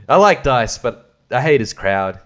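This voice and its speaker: A man's voice: medium pitch, sing-song, slow, a bit bright, highs cut off. A man talks alone on his podcast. He rambles, swears a lot, laughs often and mimics voices. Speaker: podcast host. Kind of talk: casual solo chat.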